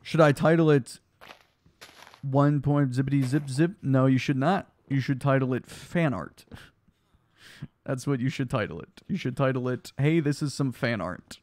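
A man's voice: mid-range voice, moderate pace, long pauses, darkish tone. A young man streaming a block game live, chatting casually and reading his chat aloud, tired from lack of sleep. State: sleep deprived, yawning.

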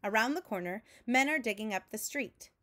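A woman teacher reading a picture book aloud to children in a slow, clear storytelling manner, making sound effects with her voice between lines. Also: on the high side, expressive, bright, forceful tone. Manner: adds vocal sound effects between narration.

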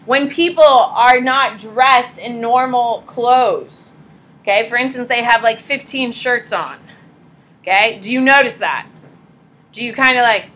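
A pregnant woman teaching a high school psychology class in a casual, blunt lecture style, talking straight to her students. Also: measured pace, a bit bright, low-quality recording.

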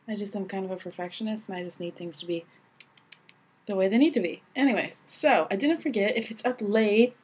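A woman's voice: medium pitch, a little mellow, slightly rough, rough recording. A young woman recording a video diary at home at night, talking to her partner in a chatty, giggly and affectionate way. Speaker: vlogger.

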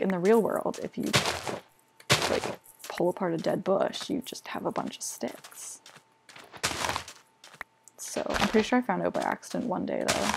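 Chatty young woman with a gravelly voice. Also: mid-range voice. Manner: chatty, self-mocking, lots of fillers like "like" and "literally". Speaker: gaming vlogger. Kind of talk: casual gameplay commentary. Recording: noisy home recording.

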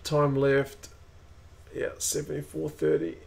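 Brief: New Zealand man, home-streamed rugby watch-along, casual live calls, mid-pitch. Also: big pitch swings, creaky. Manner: rises and quickens at close plays. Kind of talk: live match commentary and chat.

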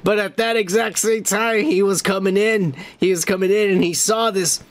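A man's voice: high-pitched, steady tone, moderate pace. A man hosting a comedy podcast, telling a rambling story in a profane, laughing, casual way. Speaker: podcast host.

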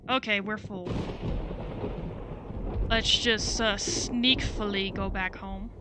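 Over a noisy background, a young woman narrates her let's-play slowly in a medium-pitched, fairly even voice. She's a gaming creator who gets frustrated, swears a lot, and addresses the game directly.

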